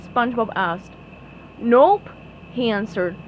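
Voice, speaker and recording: A woman reading a children's storybook aloud in an expressive way. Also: on the high side, moderate pace, muffled recording, very noisy. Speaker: storybook reader.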